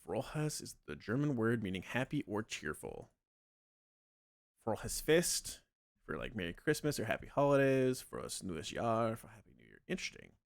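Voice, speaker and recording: A man's voice: medium pitch, big pitch swings, unhurried, vocal fry, dry recording, studio quality. Rambling man streaming a game. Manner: thinks aloud, rambling with many fillers. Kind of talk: casual live-stream chat while gaming.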